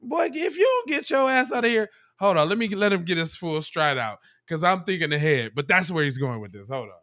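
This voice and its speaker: A man hosting a podcast, reacting to clips in loud, mocking casual commentary full of swearing. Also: sits high, big pitch swings, a little fast.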